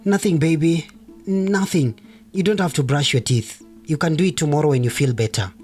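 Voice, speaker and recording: A man's voice: a little high, normal speed, a little mellow, soft background music, natural voice. A man voicing a frantic young mother. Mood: soothing. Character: anxious young mother, doctor, sharp-tongued.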